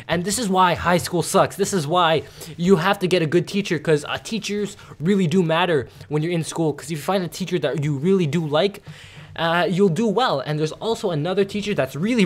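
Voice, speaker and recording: A teenage boy ranting casually as a gameplay commentator, rambling with many fillers and restarts. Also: on the high side. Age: teens. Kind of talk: casual gaming commentary rant.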